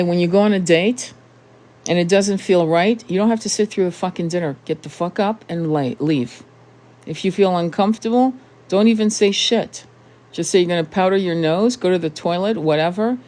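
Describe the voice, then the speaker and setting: A woman's voice: lowish voice, darkish tone. A woman in her thirties giving an impassioned monologue to camera, blunt and emphatic, with frequent swearing and rhetorical questions. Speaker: tarot channel host.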